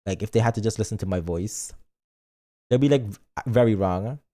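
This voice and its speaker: A man's voice: on the low side, a little fast, warm tone. A man streaming and chatting casually in a playful, rambling way, reading chat messages aloud. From lives in Britain, not British.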